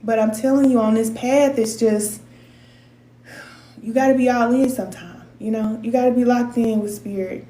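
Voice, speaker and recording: A woman's voice: fairly high pitch, fairly even intonation, moderate pace, mellow. A middle-aged woman giving spiritual advice to her viewers in a candid, emotional, slangy way. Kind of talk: casual heartfelt talk to viewers. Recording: roomy echoey sound.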